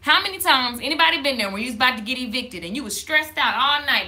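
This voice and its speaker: A woman hosting a faith-based live stream, talking to the camera in a lively, conversational way and reading viewer comments aloud. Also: high voice, fast talker, hardly any pauses. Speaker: livestream host. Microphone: camera in front of her.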